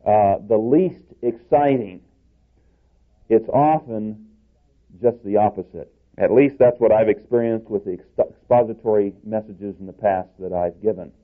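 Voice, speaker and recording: A male preacher giving an expository sermon in a measured, explanatory way, restarting phrases now and then. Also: on the low side. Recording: tinny phone-like sound.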